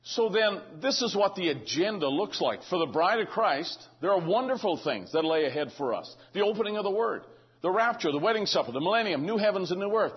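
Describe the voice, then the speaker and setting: Male pastor, slightly high husky voice, chatty sermon with frequent check-ins, lo-fi church recording. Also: lively intonation, brisk. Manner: checks in with the congregation often, joking asides. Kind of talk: conversational sermon. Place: church sanctuary.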